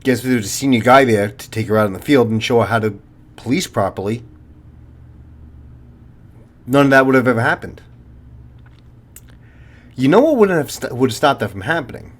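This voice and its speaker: A man's voice: medium pitch, expressive, normal speed, pauses often. A retired police officer in his fifties, a channel host talking to viewers in a blunt, profane, lecturing monologue.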